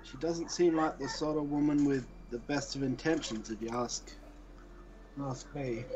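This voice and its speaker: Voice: medium pitch, steady tone, measured pace, muffled recording, close to an everyday voice. A player voicing a wary, suspicious companion in a tabletop role-play. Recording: noisy mic with clicks.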